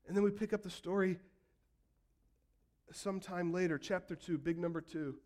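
A man preaching a sermon, telling the story vividly and acting out voices, building from quiet to loud calls. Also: high-pitched, moderate pace. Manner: storytelling preacher, acts out quotes and builds to shouts. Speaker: pastor.

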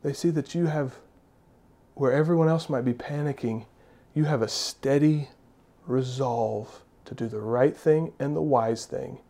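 This male pastor has a medium-pitched, dark voice with vocal fry and an unhurried pace. His sermon is emphatic, full of repeated key phrases and rhetorical questions aimed at the congregation.

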